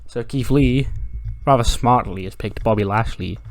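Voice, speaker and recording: A man talks through his wrestling-sim run in a loose, animated style and jumps into the characters' dialogue. His voice sits at an ordinary middle pitch. The recording is dry and close, with no room sound. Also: moderate pace, dry recording. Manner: animated, acts out the wrestlers' dialogue, swears freely. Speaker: gaming commentator. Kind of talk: casual playthrough narration.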